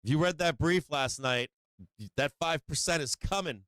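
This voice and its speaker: A man's voice: on the high side, unhurried, a bit bright, dry recording. Man, livestream market host, brash and profane, clean dry close sound. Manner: brash, profane, whooping and laughing. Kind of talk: casual livestream market commentary.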